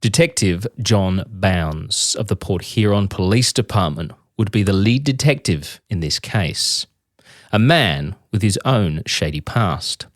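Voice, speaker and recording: Host man, measured scripted narrator, low voice, dry booth sound. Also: animated, no room sound. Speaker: podcast host.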